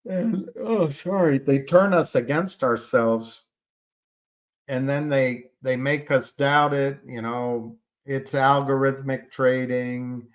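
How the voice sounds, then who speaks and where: A man hosting a stock-market livestream, reading viewer comments, rambling and hesitant but emphatic and indignant. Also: medium pitch. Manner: rambling, hesitant, with many fillers and restarts; emphatic and indignant about short sellers.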